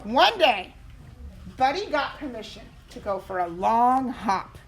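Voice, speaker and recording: A woman teacher reading a picture book aloud to her class, expressive and asking the children questions. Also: a little high, measured pace.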